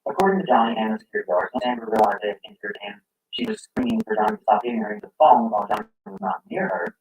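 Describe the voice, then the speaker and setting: Fast, animated man narrating commentary. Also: lowish voice, vocal fry, a little hiss or hum, rough recording. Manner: argumentative, poses rhetorical questions.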